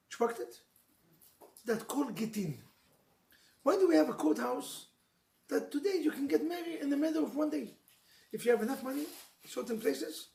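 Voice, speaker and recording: Rabbi, high gravelly voice, emotional storyteller, echoey room. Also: male voice, darkish tone. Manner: emotional storytelling, mixes Hebrew phrases, jokes with listeners. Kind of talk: animated sermon to a live audience. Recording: echoey room with faint noise.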